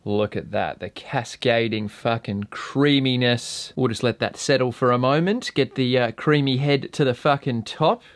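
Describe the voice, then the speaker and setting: A man's voice: medium pitch, normal speed, few pauses, no echo. Sweary laid-back Australian man. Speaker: vape and beer reviewer. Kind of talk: casual review vlog.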